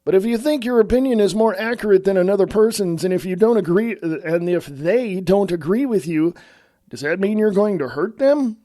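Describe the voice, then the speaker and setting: Speaking at a moderate pace, this middle-aged man from California rants casually about politics straight to camera, calling his audience "folks" and voicing strong, blunt opinions. The voice is slightly high, mellow, and relaxed. Sound is dry and close, without any echo.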